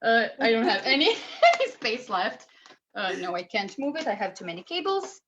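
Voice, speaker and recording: A woman presenting a teaching webinar for tutors, energetic and demonstrating children's songs as she explains. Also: on the high side, moderate pace, highs cut off, noisy background. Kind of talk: lively teaching demo with singing.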